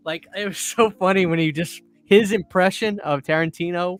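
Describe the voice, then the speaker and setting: Animated, fairly high-voiced man hosting a podcast. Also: moderate pace, hardly any pauses, smooth. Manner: animated storyteller, laughs often, swears casually. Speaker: podcast host. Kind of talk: casual chat.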